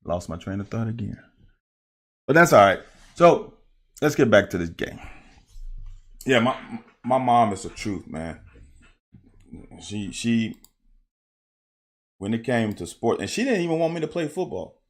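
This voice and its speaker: A young man, a former player, casually breaking down game film and telling profane, animated stories with quick laughs. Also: mid-range voice. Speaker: football analyst.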